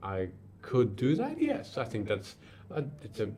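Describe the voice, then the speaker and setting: A man's voice: medium pitch, huge pitch swings, unhurried, mellow. A man voicing a polite female innkeeper. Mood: courteous. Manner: courteous, hesitant, formal.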